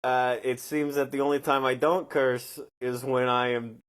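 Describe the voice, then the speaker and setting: A man's voice: mid-range voice, flat delivery, moderate pace. Casual podcast guy, swears a lot, drifts into a new york kinda voice when tired. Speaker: podcast co-host. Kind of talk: casual chat.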